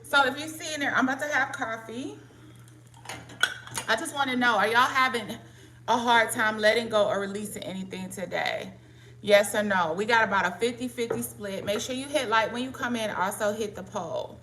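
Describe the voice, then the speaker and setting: Middle-aged woman host, slightly raspy voice, fairly high pitch, chatty live-stream greeter, faint background hum. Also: moderate pace, fairly bright tone. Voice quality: raspy, scratchy. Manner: chatty, greets viewers by name. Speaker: livestream host. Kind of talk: casual live-stream chat.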